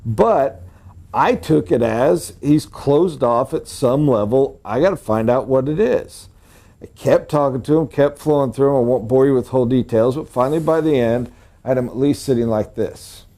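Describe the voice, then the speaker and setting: Middle-aged male sales coach lecturing a room, animated and emphatic, mellow-toned voice. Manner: animated, emphatic, jumps to high excited pitch for emphasis. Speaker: sales trainer. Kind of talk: live training lecture.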